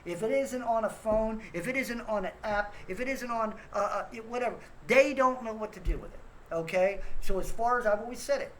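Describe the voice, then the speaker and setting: A man's voice: high voice, a little fast, a little hiss or hum, low-quality recording. A man hosting his own rant show, scolding listeners in a blunt, profane and repetitive way. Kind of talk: angry ranting monologue.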